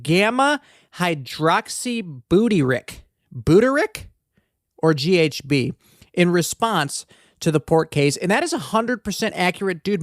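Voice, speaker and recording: A man's voice: high-pitched, no echo, studio quality. Rambling, profane male podcast host. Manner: rambling, profane, joking asides. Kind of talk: casual comedic true-crime podcast monologue. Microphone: desk podcast mic.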